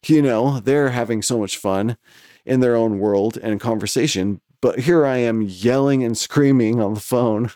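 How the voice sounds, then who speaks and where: A man's voice: medium pitch, unhurried, mellow, no room sound, studio quality. A man with a West Coast American accent telling a story in casual chat, profane and rambling, laughing between lines.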